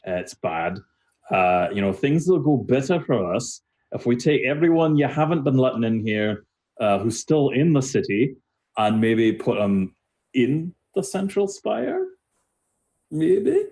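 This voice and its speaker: A man's voice: mid-range voice, sing-song, a little slow, darkish tone, husky, voice pushed up, exaggerated voice, low-quality recording. A man voicing an earnest male dwarf adventurer who hesitates with many ums and uhs.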